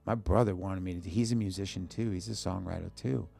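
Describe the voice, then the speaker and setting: Deep raspy-edged guy on a podcast, musician telling his story in quick bits, acts out the quotes. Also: fairly even intonation, dark tone, soft background music. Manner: tells a story in short bursts, acting out quoted dialogue. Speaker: musician guest. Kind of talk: emotional personal storytelling in an interview. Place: podcast studio.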